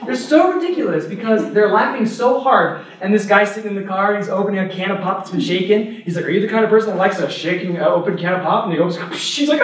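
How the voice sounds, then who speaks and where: A priest with a high, bright voice gives an animated teaching talk, breaking into laughter as he tells stories. He sounds far from the mic in a very echoey church hall. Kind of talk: adult formation talk.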